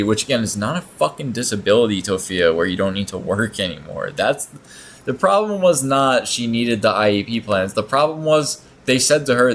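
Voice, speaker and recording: A man's voice: fairly low pitch, expressive, a little fast, slight background noise, poor audio. A man hosting a reaction video, talking casually in a blunt, sarcastic way and swearing often.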